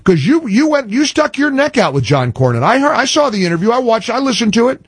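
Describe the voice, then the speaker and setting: A man hosting political talk radio, emphatic and animated, often restarting his sentences. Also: very high-pitched, fast talker, breathy edge, no room sound.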